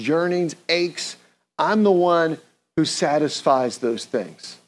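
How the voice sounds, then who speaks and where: A man's voice: fairly high pitch, darkish tone. A man preaching an earnest, conversational sermon, leading the congregation in call-and-response. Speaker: pastor.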